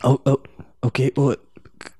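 A man putting on a halting, stammering voice to play a flustered male footballer. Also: mid-range voice, flat delivery, darkish tone, breathy edge, dry recording, clean studio sound, natural voice.

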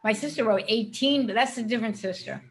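A woman's voice: on the high side, quick pace, low-quality recording. Older woman telling stories, laughing. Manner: chatty storyteller who laughs often. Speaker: actress guest. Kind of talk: casual interview chat.

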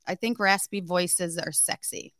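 A woman co-hosting a podcast in a studio, telling stories in a lively, giggly way and swearing casually. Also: on the low side, a little slow, no room sound. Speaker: podcast co-host. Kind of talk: casual chat.

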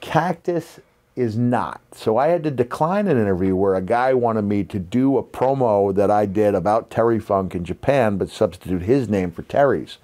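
Animated and dark-toned, a lowish male voice belongs to a fifty-something former wrestler with a slight New York accent who hosts a podcast. At a moderate pace he rambles reflectively through stories in casual chat, using many fillers.

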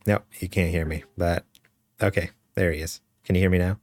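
Low, upbeat man on a gaming podcast. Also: fairly even intonation, brisk, a little mellow, no echo. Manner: enthusiastic, laughs often, reads news aloud. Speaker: podcast co-host. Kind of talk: casual gaming news podcast.

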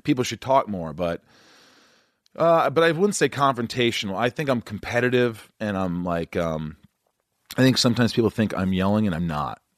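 Loud New man hosting a chat. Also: lowish voice, lively intonation, moderate pace, dry recording, clean studio sound. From New York. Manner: loud, self-described, talks in restarts. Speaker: podcast host. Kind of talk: casual chat.

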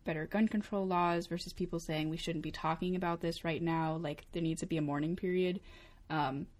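A woman's voice: lowish voice, steady tone, brisk, darkish tone. A young adult woman co-hosting a casual talk show, chatty, with frequent laughs and fillers. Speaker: co-host. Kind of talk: casual chat.

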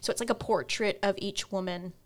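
A woman's voice: mid-range voice, fairly quick. A woman co-hosting a podcast, casually reviewing books and giggling between points. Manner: giggly, lively. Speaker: podcast co-host. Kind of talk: casual book chat.

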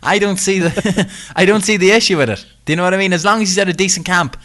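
A man's voice: high-pitched, fast talker, fairly bright tone. A young Irish man co-hosting a podcast, chatty and jokey, talking himself up. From Ireland. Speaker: podcast co-host. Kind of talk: casual podcast chat.

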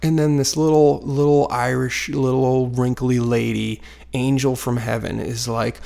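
A man's voice: mid-range voice, flat delivery, unhurried, vocal fry, hardly any pauses, warm tone. A man in his thirties casually telling a personal story from his couch at home, rambling and self-deprecating with lots of fillers. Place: living room couch at home, dog barking nearby.

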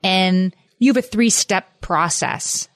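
A woman's voice: mid-range voice, slow pace, dry recording, clean studio sound. A woman podcast host interviewing a guest, summing up points and checking back with her. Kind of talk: conversational interviewing.

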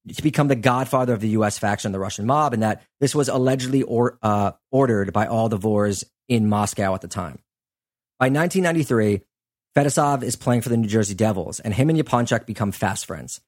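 A man who hosts a podcast and works as a sports journalist tells a story loosely and conversationally, with many fillers. His voice is lowish and a little mellow.

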